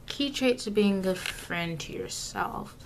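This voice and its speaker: Slow, rambling young woman vlogging. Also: mid-range voice, animated, noisy background. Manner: rambling, self-correcting, lots of fillers and asides. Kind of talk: casual self-filmed vlog talk. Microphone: camera mic, self-filmed.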